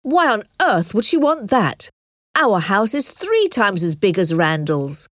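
A woman voicing a fretful, fussy elderly gentleman who sighs slowly through his lines. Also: mid-range voice, big pitch swings, dry recording, clean studio sound. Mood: plaintive. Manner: slow sighing delivery.

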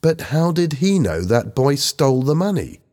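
A man's voice: on the high side, very animated, moderate pace, dark tone, pitched above the performer's own voice. A man voicing Helen, an earnest, organised teenage schoolgirl, explaining things patiently in a read-aloud story.

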